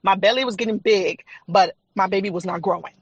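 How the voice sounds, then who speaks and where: Woman, podcast guest, earnest personal storytelling, rapid delivery, dry sound. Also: medium pitch, breathy edge, no room sound, muffled recording. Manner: earnest, candid, chatty with frequent fillers and laughs. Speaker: podcast guest, faith and trauma coach.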